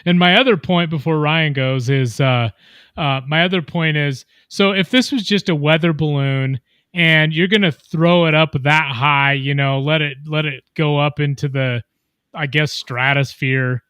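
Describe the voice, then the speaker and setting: A man's voice: on the high side, a little slow, a bit bright, clear, resonant tone, no echo. A man co-hosting a podcast in casual chat, eager and opinionated. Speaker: podcast co-host.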